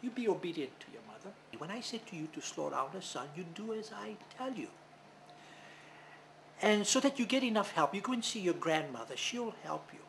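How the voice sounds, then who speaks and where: Guy putting on a strict mom laying down the law, voice swooping all over, gravelly edge. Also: sits high, sing-song, moderate pace, a bit bright, a little hiss or hum, heavily acted, rough recording. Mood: stern. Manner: scolding, commanding. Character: stern demanding mother.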